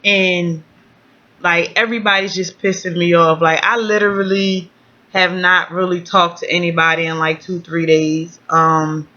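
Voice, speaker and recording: A woman's voice: lowish voice, flat delivery, measured pace, pushed and bright, dull audio. A woman venting in a casual home vlog, blunt and outspoken, swearing freely. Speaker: vlogger.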